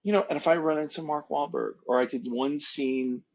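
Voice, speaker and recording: Brief: male guest, husky and rambling, spinning show-business stories on a dull line. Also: fairly high pitch, a little fast, darkish tone. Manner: rambling, repeats words and restarts. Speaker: guest actor and producer. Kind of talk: casual anecdotal storytelling.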